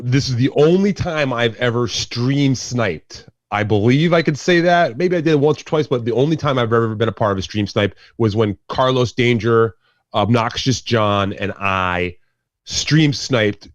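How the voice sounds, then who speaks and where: A man's voice: mid-range voice, unhurried, dry recording, highs cut off. A man chatting as a guest on a casual podcast, joking and bantering with the host.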